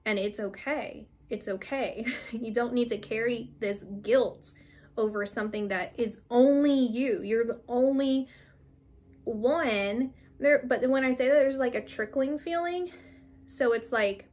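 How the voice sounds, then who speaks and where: A young woman giving a casual spiritual card reading, rambling with many fillers and restarts, gently reassuring. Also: a little high, unhurried. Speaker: tarot reader.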